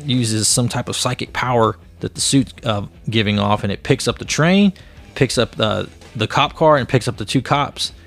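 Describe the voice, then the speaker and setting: A man hosting a comic book podcast, casually retelling a comic's story and acting out the characters' lines. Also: mid-range voice. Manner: animated storyteller who acts out the characters' lines.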